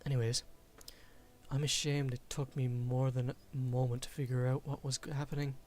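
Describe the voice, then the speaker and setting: A man's voice: mid-range voice, little pitch movement, moderate pace, a little mellow. A man reading a visual novel aloud and commenting, self-deprecating and often restarting words. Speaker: game streamer.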